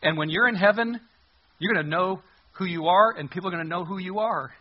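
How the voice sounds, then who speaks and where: A man's voice: high-pitched, brisk, lo-fi sound. A man preaching a sermon in a conversational, humorous way, reading scripture aloud. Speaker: pastor.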